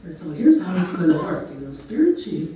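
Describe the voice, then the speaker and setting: A man's voice: a little high, big pitch swings, fairly quick, mellow, heavy reverb, distant mic, a little hiss or hum, low-quality recording. A man telling a story in a casual way, now and then putting on voices for the characters. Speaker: storyteller and therapist.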